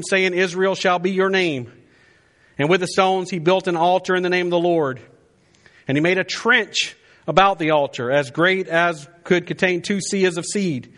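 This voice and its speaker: A man's voice: fairly high pitch, fairly bright tone. A man preaching a sermon, reading scripture aloud with dramatic delivery, acting out the quotes and breaking off for amused asides.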